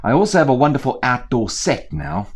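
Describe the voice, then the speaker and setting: A man storyteller talking to viewers in a lively, chatty way with playful asides, indoors on a small theatre set. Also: mid-range voice, brisk, slightly rough.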